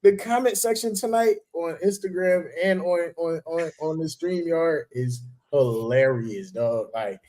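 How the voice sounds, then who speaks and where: A man's voice: fairly high pitch, a little slow, hardly any pauses, mellow. A young man co-hosting a podcast, teasing and mocking his co-host between laughs. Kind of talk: teasing sports banter.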